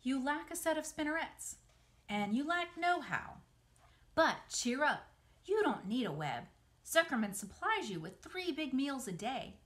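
Brief: a woman doing a wise gentle spider from a storybook, soft and patient, unhurried. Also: high-pitched, very animated, voice pushed up, full character voice. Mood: gently advising. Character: wise, calm female spider.

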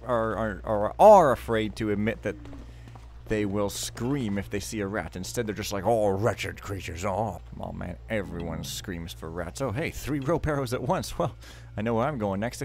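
A man's voice: on the low side, a little mellow. A man giving casual, joking, rambling commentary while playing a stealth game, mocking himself as he goes. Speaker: let's play commentator.

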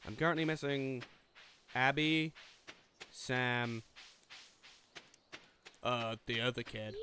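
A man's voice: mid-range voice, slow pace, pauses often, background noise. A man hosting a let's-play, chatting casually and joking at himself as he plays. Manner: casual, self-mocking chatter. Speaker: gaming channel host. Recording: game music behind the voice.

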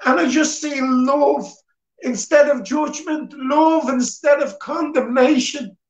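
A man's voice: extremely high pitch, slow, lo-fi sound. Earnest Dublin man giving testimony. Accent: Dublin Irish. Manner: earnest, plain-spoken storytelling. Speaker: church testimony speaker. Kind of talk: personal testimony. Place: church. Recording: echoey church hall.

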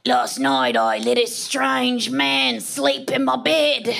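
A woman voicing a messy, careless young Australian woman roommate, with a slow, offhand Australian drawl. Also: high voice, fairly even intonation, gravelly, a bit bright, voice pushed up, heavily acted.

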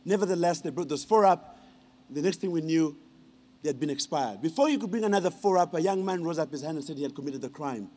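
High-voiced man telling stories. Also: fast. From Uganda. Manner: animated, teasing the audience with questions. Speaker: honorary degree recipient giving a speech. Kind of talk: humorous ceremonial speech, storytelling.

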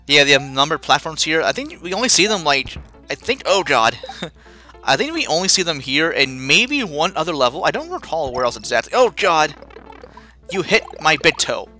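Let's play host, gameplay commentary, self-mocking, bright forceful voice, faint game music behind. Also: mid-range voice, moderate pace. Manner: animated, self-mocking, panicky outbursts.

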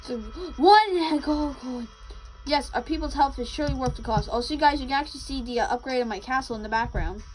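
A woman's voice: high-pitched, fairly quick, faint music behind, poor audio. A young woman giving casual commentary as she plays a game, reading out the characters' lines and answering them. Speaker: gamer.

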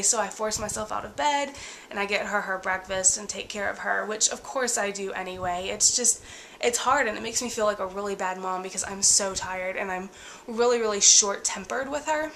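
A woman's voice: medium pitch, normal speed, sharp tone, slight background noise. Tired, breathless young woman vlogging. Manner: tired, candid, many ums and likes. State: sick with a bad cold, out of breath. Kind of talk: casual pregnancy vlog.

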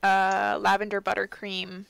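A woman's voice: mid-range voice, completely flat delivery, measured pace, gravelly, a bit bright, smooth. A young adult woman co-hosting a casual book podcast, laid-back and giggly, with plenty of fillers. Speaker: podcast co-host.

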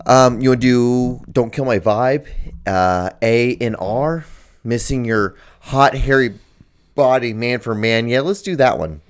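A man's voice: medium pitch, expressive, moderate pace, smooth. A man co-hosting a casual podcast, rambling with lots of filler words as he reads out personal ads. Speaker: podcast co-host.

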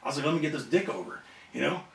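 Man guest telling a rowdy story, gravelly, off-mic in an echoey room. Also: on the high side, racing. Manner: animated, profane, acts out other people's voices. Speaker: wrestler interview guest. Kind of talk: casual storytelling. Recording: roomy echo, somewhat off-mic.

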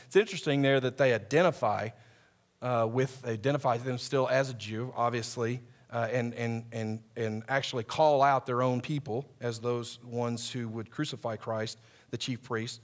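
A man's voice: mid-range voice, steady tone. A young male camp director preaching a conversational sermon, asking the audience questions and reading scripture aloud. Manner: reads scripture aloud at a quicker pace. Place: church hall before a live audience.

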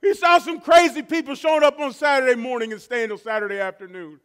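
A man preaching a sermon as pastor, rising to drawn-out shouted repetitions and dropping to slow, quiet stretches. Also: very high-pitched, lively intonation, clean tone.

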